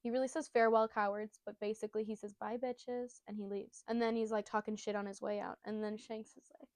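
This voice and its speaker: A woman's voice: mid-range voice, little pitch movement, quick pace, warm tone, no echo. A woman giving a casual, giggly and profane retelling of a comic chapter. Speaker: storyteller.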